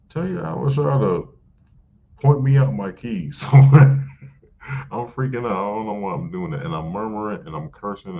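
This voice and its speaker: Deep, slow-talking preacher on a dull stream. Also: male voice, vocal fry, slight background noise. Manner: animated preaching with repeated phrases and casual asides. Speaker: teacher of a religious class. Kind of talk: live-streamed religious class. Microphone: live stream.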